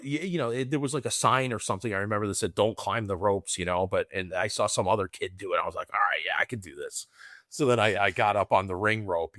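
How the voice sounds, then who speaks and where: This male podcast co-host has a lowish, fairly bright voice, captured in a dry, studio-quality recording. Easygoing and quick to laugh, he spins stories casually and keeps addressing people as "man" and "brother."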